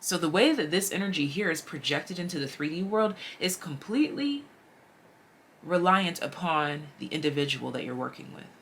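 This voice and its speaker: A woman giving a casual, chatty tarot reading straight to her viewers, animated and slangy. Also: deep voice, moderate pace, a little hiss or hum. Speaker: tarot reader.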